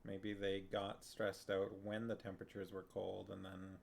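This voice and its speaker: A man's voice: deep voice, completely flat delivery, normal speed, creaky, hardly any pauses, darkish tone, a little hiss or hum. A man streaming live, chatting casually and rambling as he reacts to messages from his viewers. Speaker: streamer reading a book with viewers.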